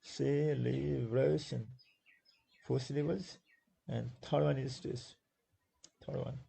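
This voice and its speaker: Gravelly, husky Nepali-accented male teacher. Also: mid-range voice, dark tone, poor audio. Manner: repeats words slowly to stress syllables, with many fillers; switches into Nepali to explain. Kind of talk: exam-prep lesson explaining a textbook.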